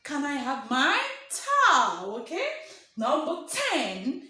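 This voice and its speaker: A Nigerian woman with a high, lively voice gives a video English lesson at an unhurried pace. She is emphatic, drilling each point and checking in with "okay?" after it. The recording is very echoey. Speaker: teacher. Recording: very echoey room.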